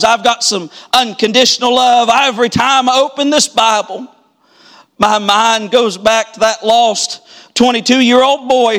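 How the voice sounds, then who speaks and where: At a church service, a male preacher gives a revival sermon, shifting from quiet storytelling to shouted preaching with repeated refrains. His voice is extremely high in pitch.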